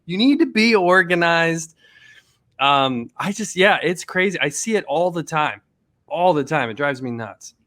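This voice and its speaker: Bright-voiced man ranting on a podcast. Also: fairly high pitch, animated, a little slow. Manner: ranting, keeps asking "right?". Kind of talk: casual podcast conversation.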